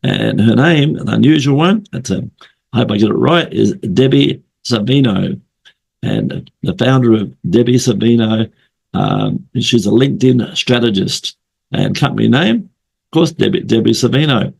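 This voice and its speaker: Hoarse, gravelly man hosting an interview. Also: mid-range voice, very animated, moderate pace, a little mellow. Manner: rambling, chatty, repeats words. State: hoarse from flu. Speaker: interview host. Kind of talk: casual interview. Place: at home late at night, remote call.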